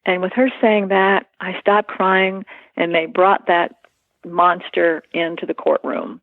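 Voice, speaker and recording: A woman being interviewed, recalling personal events in a halting, earnest way with many fillers. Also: lowish voice, flat delivery, dry recording. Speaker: interview guest. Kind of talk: emotional personal recollection. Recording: tinny phone line.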